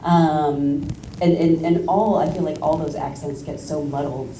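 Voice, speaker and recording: A woman moderating a stage Q&A, chatty and upbeat with quick asides. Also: low voice, steady tone, recorded from a distance. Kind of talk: hosting a stage Q&A. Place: large screening hall with audience. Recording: echoey hall, mic from afar, crowd.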